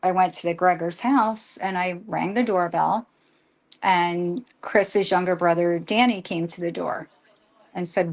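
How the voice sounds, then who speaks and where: An older woman with a somewhat low voice recounts events in an emotional live conversation. She tumbles through the story, restarting sentences and acting out what each person said. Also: fairly even intonation. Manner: rushed, emotional storytelling with many restarts and quoted dialogue. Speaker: guest.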